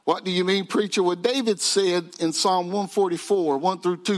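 A man's voice: high voice, fairly even intonation, normal speed. A man preaching a sermon to his congregation, building emphasis through repetition.

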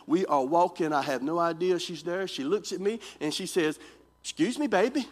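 A man's voice: a little high, moderate pace. A man preaching to young people, telling a story with lots of repetition and acting out the scenes. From North Carolina, US. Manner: animated, repetitive, acts out scenes.

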